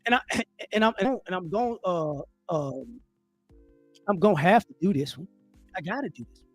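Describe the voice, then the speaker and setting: A man's voice: high voice, animated, moderate pace, no room sound, soft background music. Emphatic man ranting on a livestream. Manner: emphatic, repeats words, slips into mocking voices. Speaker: livestream commentator. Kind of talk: opinionated livestream rant. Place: home livestream setup.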